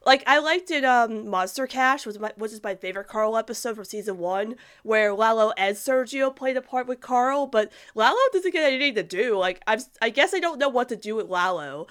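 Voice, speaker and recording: A woman's voice: fairly high pitch, brisk, few pauses, a bit bright, clean tone. A young woman chatting casually as a host, rambling with lots of fillers and restarts while reading viewer comments. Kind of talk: casual fan chat.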